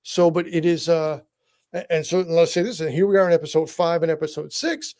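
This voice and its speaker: Excitable high-voiced man reviewing a show. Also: brisk. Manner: excitable, rambling with tangents and laughs. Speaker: podcast co-host. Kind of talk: enthusiastic review chat. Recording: live online show.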